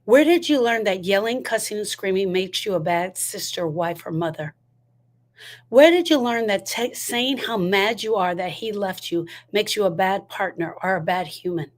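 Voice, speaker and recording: A woman's voice: medium pitch, animated, moderate pace. A woman giving a motivational talk on grief, emphatic and full of repeated rhetorical questions. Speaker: grief educator.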